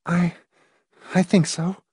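A man's voice: high-pitched, flat delivery, slow pace, darkish tone, breathy edge, no echo, studio quality, pitched above the performer's own voice, heavily acted. A male narrator voicing an anxious young wife who begs her husband, with his voice raised well above his own. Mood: pleading, anxious. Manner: anxious, begging. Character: frightened young wife, pleading.

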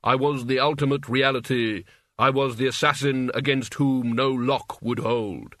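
A man voicing the solemn figure of Death, speaking slowly and gravely. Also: mid-range voice, fairly even intonation, fairly bright tone, no echo, clean studio sound, lightly acted. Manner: slow, grave. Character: solemn personification of Death, male.

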